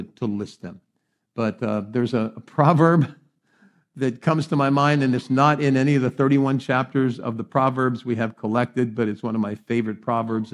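A middle-aged man preaching a sermon as pastor, telling humorous, self-deprecating stories and swinging between hushed and animated delivery. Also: medium pitch.

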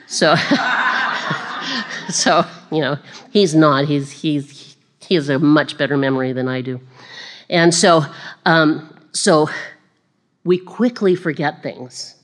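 A woman with a fairly low voice preaching in a relaxed, conversational way. She laughs at herself, stumbles and restarts, and picks up energy as she retells a story. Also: slow, pauses often. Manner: chatty and self-deprecating, with laughing asides and restarts. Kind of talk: conversational sermon.

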